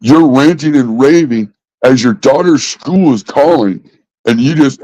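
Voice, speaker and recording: A man's voice: medium pitch, animated, unhurried, mellow, no echo, poor audio. A man ranting casually in an exasperated, profane way, repeating himself. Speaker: vlogger. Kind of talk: casual rant.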